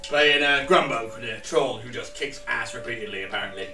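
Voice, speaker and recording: A man's voice: mid-range voice, moderate pace. A man playing a tabletop game, joking around in casual chat. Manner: playful, jokey. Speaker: player. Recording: roomy, distant, music behind.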